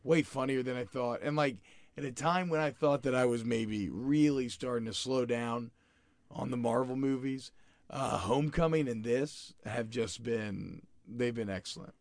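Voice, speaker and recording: A man's voice: mid-range voice, normal speed, vocal fry. A man talks through a film with friends in a loose, rambling way, circling back on his own thoughts and throwing questions at the others. His voice sits in an ordinary middle range. The sound is close and dry, with no room echo. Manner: rambling, self-correcting, questioning. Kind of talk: casual film discussion.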